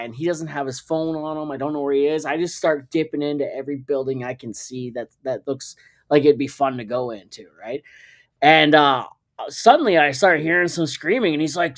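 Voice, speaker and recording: A man with a brisk, high-ish voice hosts a podcast and tells a story in casual fashion. He rambles and swears, frequently correcting himself.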